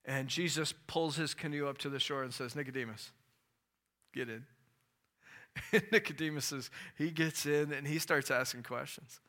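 A male pastor giving a sermon in an animated way, asking the audience questions and acting out stories. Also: medium pitch.

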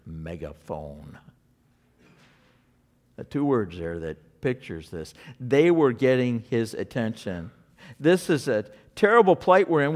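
Male pastor preaching, lively swooping delivery, medium pitch. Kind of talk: sermon.

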